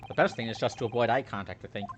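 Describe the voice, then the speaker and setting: A man's voice: mid-range voice, racing, noisy background. A man reading and joking through a game playthrough, voicing every character himself. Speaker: let's play host.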